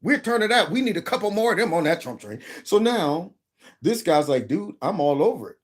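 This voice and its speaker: A man with a high voice, talking a little fast, hosts a commentary channel and reacts to video clips. He's animated, throwing out exclamations and mock-quoting others.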